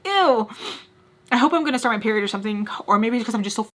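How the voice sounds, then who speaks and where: A woman with a bright, forceful voice tells a story to her viewers. She rants in a chatty, animated way, drops "like" all through her sentences, and switches into the voices of the people she quotes. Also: medium pitch. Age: adult with a son and husband. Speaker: beauty vlogger. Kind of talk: casual storytime rant.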